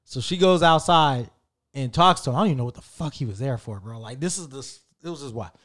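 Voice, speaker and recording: A man in his thirties casually telling a story in an animated, slangy way, with frequent swearing. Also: medium pitch, quick pace. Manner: animated, profane, slangy and conversational.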